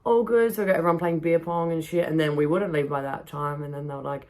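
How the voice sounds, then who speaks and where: A woman's voice: low-pitched, flat delivery, fast talker, a little mellow. A woman hosting a podcast, telling travel stories casually, swearing freely and laughing often. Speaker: podcast host. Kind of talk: casual storytelling monologue. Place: backyard.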